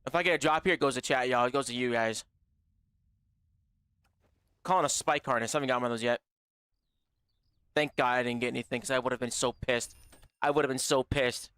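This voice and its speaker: A young man chatting casually with his stream viewers, animated and profane, full of slang. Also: medium pitch, brisk, long pauses, clean tone, no echo. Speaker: gaming livestreamer.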